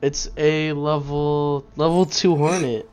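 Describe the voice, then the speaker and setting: A man's voice: fairly high pitch, fairly even intonation, slow pace, a little mellow, smooth. A man on a game stream chatting in an easygoing way, reacting to the chat and his co-host.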